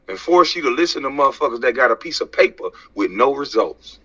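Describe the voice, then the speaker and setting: A man's voice: medium pitch, brisk, few pauses, pushed and bright. An American man delivering a heated, profane rant to camera, preaching and firing rhetorical questions. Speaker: social media commentator. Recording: dull lo-fi sound.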